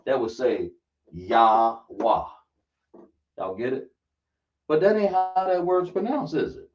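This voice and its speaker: On a dull, distant lo-fi recording, a male religious instructor speaks slowly at medium pitch. He teaches his class emphatically, testing listeners with rhetorical questions.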